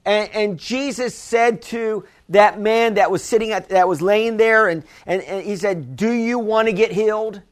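High-voiced man preaching a sermon. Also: measured pace, few pauses. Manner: conversational preaching with many restarts and asides. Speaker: pastor.

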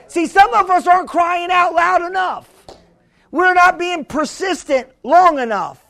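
A man with a strikingly high voice preaching a sermon. He is fervent and rises into shouts, then drops back to a conversational tone, with frequent restarts and calls to the congregation. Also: animated, moderate pace.

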